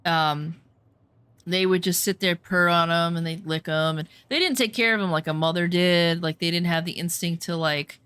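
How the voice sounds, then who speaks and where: A woman telling rambling, animated anecdotes in a casual chat, full of swearing. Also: fairly low pitch, moderate pace, clean tone, dry recording. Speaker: storyteller.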